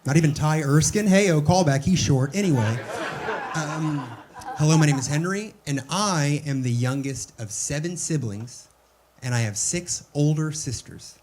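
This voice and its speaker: A young man doing a stand-up comedy set on a club stage into a handheld mic, crude and mock-exasperated with a deadpan edge. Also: fairly high pitch, normal speed, some chatter behind, slight background noise. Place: comedy club stage before a laughing audience.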